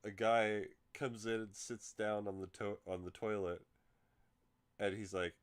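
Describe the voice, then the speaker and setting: A man hosting a casual chat, telling stories in an animated way and swearing freely. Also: fairly low pitch, a little slow, clean tone. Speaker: podcast host.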